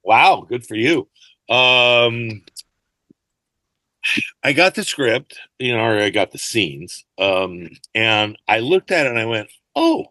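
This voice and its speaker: An older man, an actor and fight choreographer, telling rambling, animated anecdotes as a guest over a video call. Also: medium pitch, slow, no room sound. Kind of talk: casual interview storytelling.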